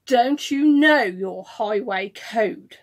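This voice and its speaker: A woman's voice: a little high, animated, slow pace, voice pushed down. A woman with a Birmingham accent, quoting a rude, arrogant male driver in a curt, demanding way.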